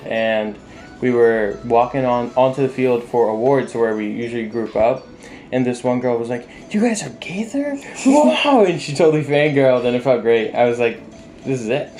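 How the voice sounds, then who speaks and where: A teenage student speaks softly and reflectively at a mid pitch. The tone stays gentle and thoughtful throughout. Faint music plays underneath. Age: teens. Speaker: senior band student. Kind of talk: casual reminiscence.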